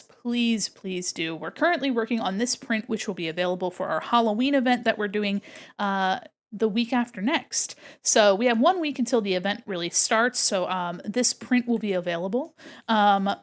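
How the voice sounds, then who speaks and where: An American woman streamer and illustrator, chatting casually and bubbly with her viewers while she draws. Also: medium pitch. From United States. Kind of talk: casual live-stream chat while drawing.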